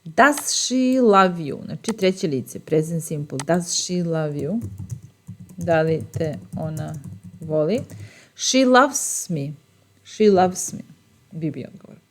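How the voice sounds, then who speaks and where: Slow patient lady teacher w/ serbian accent, lowish voice, says each line a few times. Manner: repeats each phrase slowly, explains patiently. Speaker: language teacher. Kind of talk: bilingual phrase lesson.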